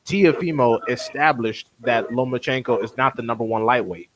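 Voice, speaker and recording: A man's voice: mid-range voice, normal speed, a bit bright, slight background noise, rough recording. A man co-hosting a casual boxing chat, arguing with animation and mocking critics by mimicking them. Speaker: boxing podcast co-host.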